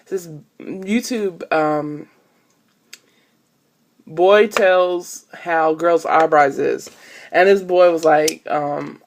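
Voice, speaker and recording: Young woman vlogger, rambling casual chat into a phone, fry in the voice. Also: deep voice, fairly even intonation, takes it slowly. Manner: chatty, rambling with many fillers. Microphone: phone camera.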